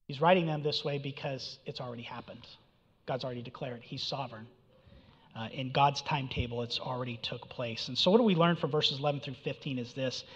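A man preaching an expository sermon in a conversational, animated way, his voice swinging from loud mock challenges to quiet low remarks. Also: brisk, husky. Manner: animated, conversational, mocking voice for quoted prophecy. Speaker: pastor. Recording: dull sound with long hall reverb.

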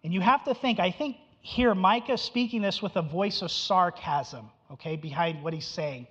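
A male preacher with a high, slightly bright and rough voice delivers an expository sermon at normal speed with few pauses. He teaches emphatically, repeating key phrases and posing questions to his listeners. A long echo fills the hall, and the recording sounds dull and muffled.

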